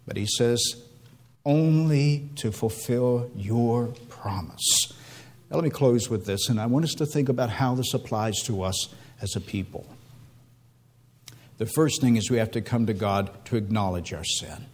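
A man preaching a sermon, building emotional appeals with repeated rhetorical questions and dropping to a low, hushed tone at times. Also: normal speed, slightly rough. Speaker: pastor.

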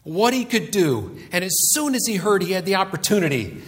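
Male preacher, animated storyteller, voice with long church reverb. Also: sits high, a little fast. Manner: acts out characters in a lively storytelling sermon. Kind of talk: sermon.

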